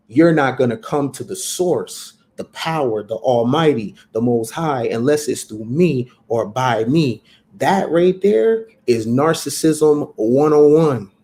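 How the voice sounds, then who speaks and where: A man's voice: mid-range voice, darkish tone. A man hosting a livestream talk, speaking in an emphatic, preachy way and repeating phrases for effect. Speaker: host.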